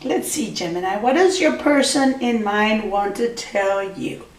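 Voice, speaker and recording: A woman's voice: medium pitch, expressive, unhurried, distant mic. A woman giving a tarot reading in a vlog, gushing and reassuring, who keeps calling the viewer by star sign. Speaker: tarot reader. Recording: roomy, voice from off the mic.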